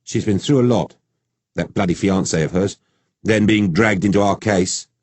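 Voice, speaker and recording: A man voicing a sharp, sardonic woman detective with a deadpan way of talking. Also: low voice, moderate pace, no room sound.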